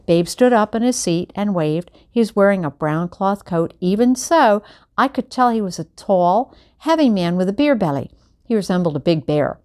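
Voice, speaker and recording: A woman reading a children's novel aloud at home, chatting between chapters and giving the characters animated voices. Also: mid-range voice, normal speed, smooth. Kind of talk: casual read-aloud of a book. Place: home at night.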